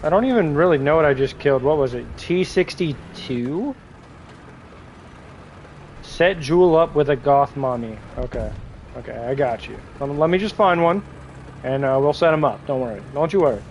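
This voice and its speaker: Higher-voiced man streaming games casually. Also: expressive, normal speed, darkish tone, a little hiss or hum, rough recording. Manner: rambling, joking, talks to chat while playing. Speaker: gaming livestreamer. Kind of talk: casual live gameplay chat.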